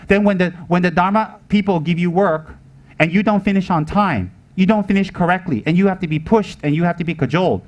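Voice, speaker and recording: Speaking fast in a high-pitched voice, a man delivers an emphatic Buddhist Dharma teaching, going over his points again and again and asking rhetorical questions.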